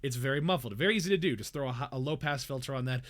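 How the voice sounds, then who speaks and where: A young man hosting a casual chat, rambling and animated as he tells stories with many restarts and quoted lines. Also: mid-range voice, very fast. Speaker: podcast host.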